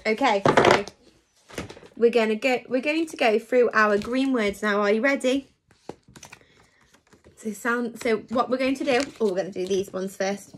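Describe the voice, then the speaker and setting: A woman's voice: fairly high pitch, measured pace, pauses often, noisy background. A woman teaching a phonics lesson to young children online, encouraging and sing-song, sounding out letters.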